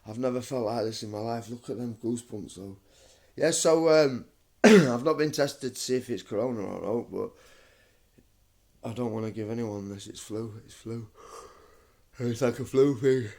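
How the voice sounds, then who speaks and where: Young man, feverish and shivery, rambling monologue, repeats himself, says mate a lot, warm dark voice. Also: medium pitch, steady tone, normal speed, gravelly. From United Kingdom. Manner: repetitive, keeps calling the listener mate. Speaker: vlogger. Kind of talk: rambling home video monologue. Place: his home.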